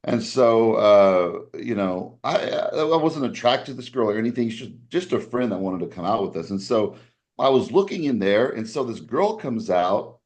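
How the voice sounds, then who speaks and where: A man casually telling a long story on a podcast, rambling with restarts and acting out other people's lines in a raised voice. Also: normal speed. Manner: animated, acts out quoted voices with raised pitch.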